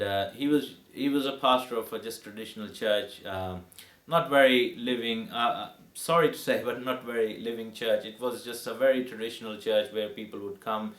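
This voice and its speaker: A man's voice: on the low side, a bit bright. A man, a pastor, giving his personal faith testimony in a fervent, emotional way, often restarting his sentences. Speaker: pastor and evangelist. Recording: roomy echo.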